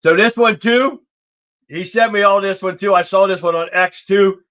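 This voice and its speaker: A man's voice: sits high, normal speed, a bit bright. A man hosting a political livestream show, talking in a blunt, rambling, profane way. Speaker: livestream talk show host. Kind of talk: casual political commentary. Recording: dull lo-fi stream audio.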